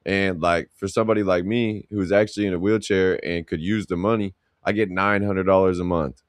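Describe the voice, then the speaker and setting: A man with a very deep voice chats on a podcast in a slangy, rambling, laid-back way. The sound is dry and close, with no room around it. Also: fairly even intonation, fairly quick, clear, resonant tone, dry recording. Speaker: podcast co-host. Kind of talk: casual chat.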